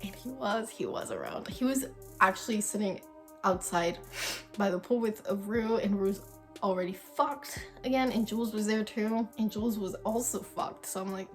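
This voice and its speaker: A woman's voice: mid-range voice, animated, normal speed. Chatty young woman telling a story. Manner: chatty, dramatic storyteller, swears freely. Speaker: vlogger. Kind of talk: casual storytime chat. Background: faint background music.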